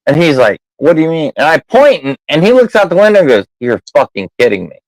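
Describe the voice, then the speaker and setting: A man's voice: on the high side, quick pace, no echo, rough recording. A man telling a story in casual chat, swearing freely and acting out the people in it. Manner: profane, animated storyteller.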